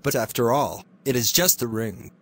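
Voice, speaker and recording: A man's voice: medium pitch, lively intonation, normal speed, natural voice. A man voicing a frightened young miller's daughter who pleads in a raised voice. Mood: worried.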